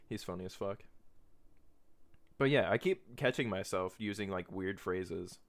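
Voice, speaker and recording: Profane rambling young man, low voice. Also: takes it slowly, creaky. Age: 20s. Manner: rambling, profane, laughs often. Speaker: podcast host. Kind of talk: casual podcast monologue.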